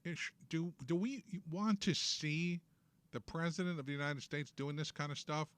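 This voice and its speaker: A man's voice: a little high, normal speed, fairly bright tone, clear, resonant tone, dry recording. Opinionated New York talk-radio man. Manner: opinionated, sarcastic, emphatic rants. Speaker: host. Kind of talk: political talk show monologue.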